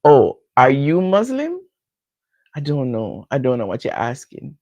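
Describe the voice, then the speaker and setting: Woman, Jamaican accent, in her fifties, casual live chat, lively up-and-down voice, gravelly edge. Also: a bass voice, unhurried, no echo, lo-fi sound. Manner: chatty, laughs often, answers viewers directly. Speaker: hair care vlogger.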